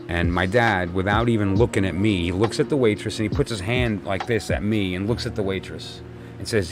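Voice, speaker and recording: Man, middle-aged, very low voice, tarot reader, rambling reflective storytelling, music in the background. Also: a little fast. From New York. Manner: meandering, many restarts and fillers, conversational. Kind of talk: reflective spoken monologue with a personal story.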